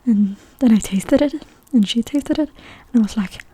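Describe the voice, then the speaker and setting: A woman's voice: a little high, moderate pace, hardly any pauses, warm tone, husky. Whispering young woman from Sweden, stuffy nose. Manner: chatty whispered storytelling between bites. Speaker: mukbang ASMR creator. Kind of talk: whispered role-play.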